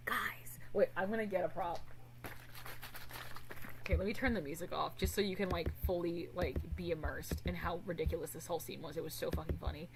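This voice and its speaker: Bright, animated woman streamer. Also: medium pitch, brisk, slight background noise, poor audio. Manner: animated, swears a lot. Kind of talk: casual chat with viewers.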